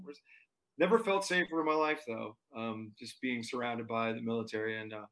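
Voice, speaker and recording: A man telling a story in casual chat, animated and full of fillers and restarts. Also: mid-range voice, brisk. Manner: animated, lots of fillers and restarts, acts out quotes. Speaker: touring performer guest.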